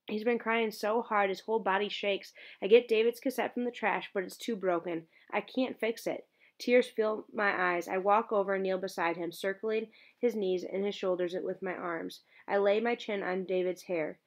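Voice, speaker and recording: A woman's voice: mid-range voice, steady tone, moderate pace. A woman reading a first-person novel aloud in an earnest, emotionally engaged way. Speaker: audiobook narrator.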